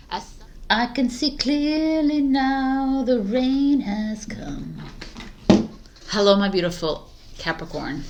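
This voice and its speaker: A woman reading tarot in vlog bloopers, giggling and flustered, stumbling and restarting, with quiet asides under her breath. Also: on the low side, a little hiss or hum. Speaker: tarot reader.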